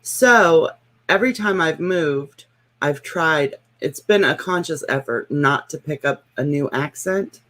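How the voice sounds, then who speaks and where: A woman's voice: low voice, lively intonation, a little slow, a bit bright. A woman with a Midwestern American accent, chatting in a dry, matter-of-fact way. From Southern United States. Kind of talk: casual chat.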